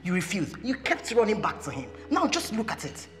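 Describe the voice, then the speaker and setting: A woman's voice: medium pitch, wildly swooping pitch, a little fast, a bit bright. An actress with a Nigerian accent playing an outspoken, protective female friend who scolds and comforts in Pidgin-laced speech. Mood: consoling. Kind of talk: Nollywood film acting. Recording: echoey room with music underneath.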